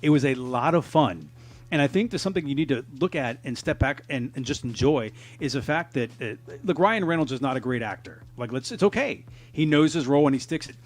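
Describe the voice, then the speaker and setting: A man's voice: medium pitch, lively intonation, brisk. A man co-hosting a podcast, talking casually and profanely, laughing often. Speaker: podcast co-host. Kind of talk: casual chat.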